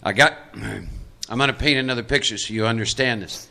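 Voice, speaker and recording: A man leads a live workshop in a meeting room. His voice is bright and forward. He talks conversationally and coaxes audience volunteers into acting out roles. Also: mid-range voice, brisk, vocal fry. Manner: conversational, coaxing volunteers into role-play. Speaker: recovery workshop speaker.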